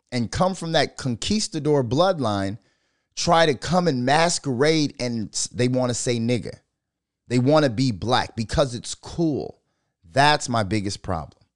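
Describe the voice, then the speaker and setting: Fiery, animated man ranting on a podcast. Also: mid-range voice, no echo, clean studio sound. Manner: profane, fiery, fires off rhetorical questions. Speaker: podcast host. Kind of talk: heated podcast commentary.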